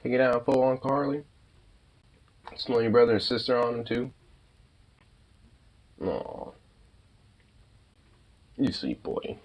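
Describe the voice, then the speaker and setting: Husky man cooing at his dog. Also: medium pitch, fairly even intonation, rough recording. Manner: soft, doting, drawn-out. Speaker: pet owner. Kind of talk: cooing baby talk to a dog.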